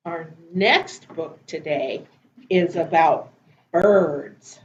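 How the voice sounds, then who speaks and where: A woman teacher reading picture books and poems aloud to preschoolers in a slow, gentle, sing-song way. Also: sits low, echoey room, highs cut off, a little hiss or hum. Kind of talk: children's storytime reading.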